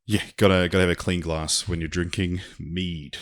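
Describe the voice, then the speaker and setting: A man's voice: low voice, level tone, moderate pace. A man hosting a podcast alone, chatting casually in a rambling, swearing manner. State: briefly out of breath. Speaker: podcast host. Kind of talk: casual solo podcast chat.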